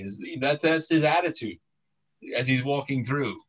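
A man's voice: medium pitch, normal speed, low-quality recording. A man preaching a sermon, retelling the story in a casual, conversational way with asides and restarts.

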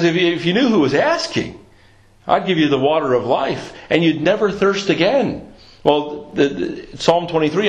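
A man preaching a sermon with earnest emphasis, reading scripture aloud and explaining it. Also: fairly high pitch. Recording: echoey room.

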